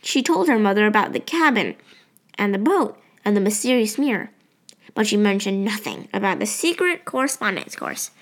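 A woman narrating a novel in a steady, expressive storytelling manner. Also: medium pitch. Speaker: audiobook narrator. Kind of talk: scripted narration.

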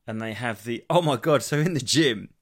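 A man's voice: medium pitch, normal speed. Solo podcast host, man, thirties, sweary meandering storyteller. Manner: rambling, sweary, animated storytelling. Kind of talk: solo rambling comedy podcast.

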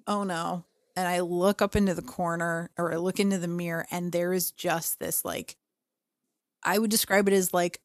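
A young woman and podcast co-host telling a story in casual chat, animated and full of fillers, acting out her own reactions. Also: lowish voice, dry recording, studio quality.

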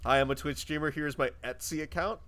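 Goofy excitable young man co-host. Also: a little high, a little fast. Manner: goofy, excitable, laughs a lot. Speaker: podcast co-host. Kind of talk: casual podcast chat.

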